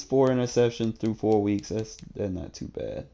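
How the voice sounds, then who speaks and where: Young man, casual gameplay commentary, low voice, warm tone, slangy, keyboard clicks behind. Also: normal speed. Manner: laid-back, slangy, talks to himself while checking stats. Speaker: gaming streamer.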